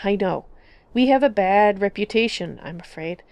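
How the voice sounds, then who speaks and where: A big-hearted motherly Nord woman , played by a woman coos and reassures in a soft, doting voice. The voice is close and dry, from a game roleplay. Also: mid-range voice, expressive, normal speed, clean tone, no room sound, close to an everyday voice. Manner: doting, soothing.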